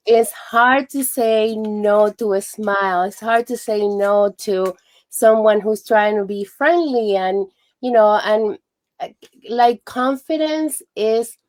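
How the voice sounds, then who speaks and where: A woman's voice: on the high side, a little mellow. A woman co-hosting a casual live stream, cheerful, laughing often and filling with "um" and "you know". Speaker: co-host, Avon representative.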